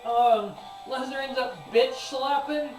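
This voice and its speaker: A man's voice: very high voice, slow pace. Profane, rambling man in an echoey room. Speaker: sports show host. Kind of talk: casual wrestling event review. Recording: echoey room, distant mic, music behind.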